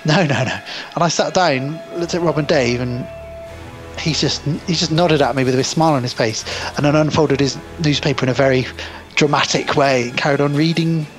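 A man's voice: on the high side, fairly even intonation, normal speed, faint music behind. A man around forty, co-hosting a podcast, telling a long rambling story in casual film chat. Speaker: podcast co-host.

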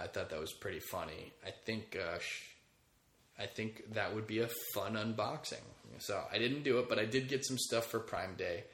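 A man in his thirties rambles through a casual podcast monologue, crude and joking, swearing freely. His voice sits a bit low yet sounds bright and forceful. The room around him is echoey. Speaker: podcast host.

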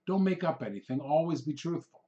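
A man's voice: on the high side, expressive, a little fast, warm tone, highs cut off. Man giving casual sales advice. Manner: conversational, acts out quoted customer exchanges. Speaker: real estate trainer, podcast host. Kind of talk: instructional talk.

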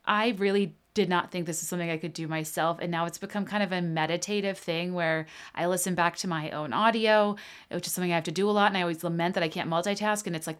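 A woman's voice: fairly low pitch, steady tone, fast talker, smooth. A woman hosting a podcast, chatty and self-deprecating, reading an ad in her own casual way. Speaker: podcast host. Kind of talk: podcast chat and host-read ad.

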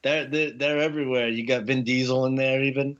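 A man's voice: medium pitch, fairly even intonation, a little fast, a bit bright, dull audio. A man co-hosting a podcast in casual chat, laughing often and swearing freely. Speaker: podcast co-host.

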